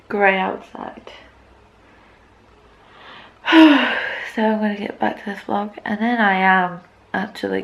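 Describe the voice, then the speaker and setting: A woman's voice: medium pitch, creaky, poor audio. A woman in her twenties chatting casually to camera at home, rambling and self-mocking. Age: 20s. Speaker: vlogger. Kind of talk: casual vlog chat to camera. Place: at home indoors.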